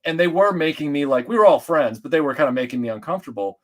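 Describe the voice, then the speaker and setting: A middle-aged man from Atlanta, a guest telling stories in casual chat, rambling and animated with many restarts and fillers. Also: a little high, quick pace.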